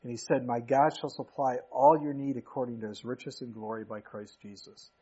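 Husky pastor preaching conversationally. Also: male voice, mid-range voice, steady tone, normal speed, warm tone, highs cut off. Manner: conversational preaching, folksy asides. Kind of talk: sermon. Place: church.

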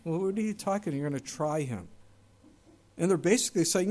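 A man preaching a sermon in an emphatic way, firing rhetorical questions and moving between loud outbursts and hushed asides. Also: a little high, lively intonation, a little fast. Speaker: pastor.

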